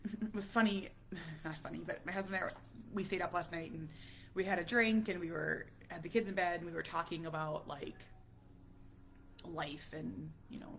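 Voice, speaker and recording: A woman around forty talking to camera as a parent vlogger, halting and emotional, dropping to a near whisper at heavy moments. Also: lowish voice, vocal fry, a bit bright. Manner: halting, emotional, many restarts. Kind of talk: casual talk to camera.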